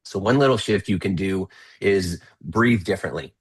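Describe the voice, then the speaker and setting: A man with a deep, low-pitched voice talks as a guest on an interview podcast. He coaches the listener in an energetic, persuasive way. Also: moderate pace, breathy edge. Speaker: guest, motivational speaker.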